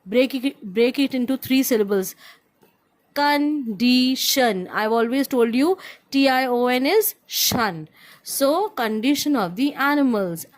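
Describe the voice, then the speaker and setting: A woman's voice: high-pitched, animated, unhurried. Patient Indian woman teaching young kids. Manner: patient, repeats and spells words out for children; switches between English and Hindi. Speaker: primary school teacher. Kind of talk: classroom lesson to young children.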